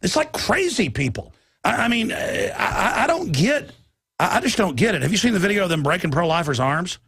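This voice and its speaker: Gravelly, husky man ranting emphatically. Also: high voice, big pitch swings, fairly quick, a bit bright, no echo. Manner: emphatic, ranting, stammers and restarts. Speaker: talk show host. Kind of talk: heated talk-radio conversation.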